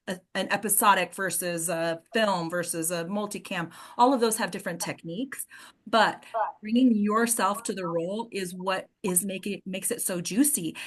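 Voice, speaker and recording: A woman's voice: mid-range voice, a bit bright. A woman leading an acting workshop in a casual group discussion, encouraging and often checking in with the group. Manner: encouraging, keeps checking in with "right?".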